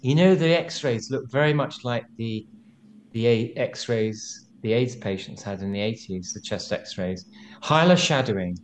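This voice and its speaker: A man in his sixties talks as an interview guest at a middling pitch. He presses his points hard, and his voice climbs whenever he gets heated. The delivery is conversational but urgent. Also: measured pace, a little hiss or hum. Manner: animated and insistent, voice rising as he gets worked up. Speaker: interview guest, former nurse and researcher.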